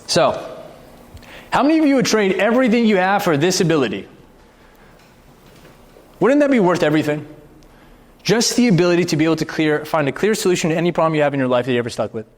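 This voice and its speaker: Animated man speaking in a reverberant hall. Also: fairly high pitch, fast talker, long pauses. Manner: animated and expressive, rhetorical questions, occasional swearing. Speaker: motivational speaker. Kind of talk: live talk to an audience.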